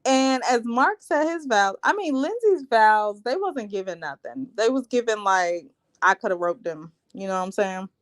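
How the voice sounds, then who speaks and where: A woman's voice: medium pitch, animated, normal speed. A woman hosting a live reality TV recap, chatting in a sassy, gossipy, slangy way. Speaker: show recap host.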